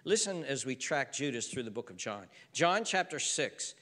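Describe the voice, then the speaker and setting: A man's voice: mid-range voice, very animated, normal speed, pushed and bright. A man preaching a sermon in an earnest, conversational way, often repeating himself for emphasis. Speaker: pastor. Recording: reverberant hall.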